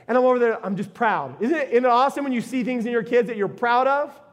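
High-voiced folksy pastor preaching. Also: male voice, fast talker, muffled recording. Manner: folksy, storytelling, animated asides. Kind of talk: sermon. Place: church sanctuary.

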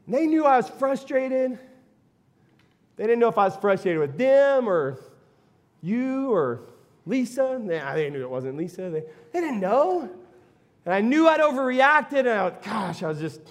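High-voiced pastor, animated and conversational. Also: male voice. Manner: animated, conversational, asks the congregation questions, bursts into shouts. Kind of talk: sermon with personal story.

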